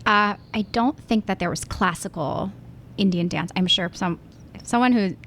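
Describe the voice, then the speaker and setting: A woman's voice: medium pitch, moderate pace, fairly bright tone, a little hiss or hum. A woman from Pennsylvania, a musical theater actress, talking casually as an interview guest, thoughtful and full of restarts. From Pennsylvania, USA. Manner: thoughtful, with many fillers and restarts.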